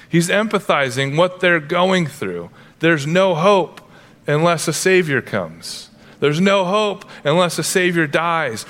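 A man's voice: on the high side, fairly bright tone. A male pastor preaching a sermon, earnest and emphatic, breaking into playful asides now and then.

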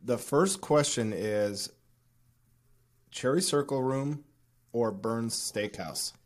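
A man hosting a casual podcast interview, asking questions in a friendly way with relaxed slang. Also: medium pitch, slow. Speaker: podcast host.

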